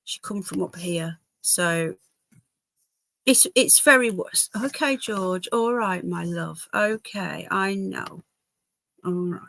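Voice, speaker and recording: An English woman casually livestreams from inside her home, chatting with viewers and her dogs. Her voice is lowish, slow and a bit bright with vocal fry, and the recording is dry.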